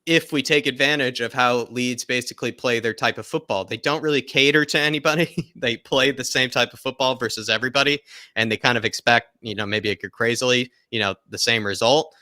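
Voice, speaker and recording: A man's voice: mid-range voice, brisk, sharp tone, no room sound, clean studio sound. A man hosting a football live stream, reading viewer comments and rambling casually with fillers and laughs. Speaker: football channel host.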